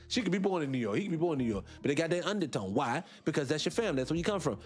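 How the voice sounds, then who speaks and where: A man hosting a radio talk show, arguing his points in an animated, rhetorical way and repeating himself for emphasis. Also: on the high side, rapid-fire, faint music behind. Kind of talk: opinionated solo radio talk.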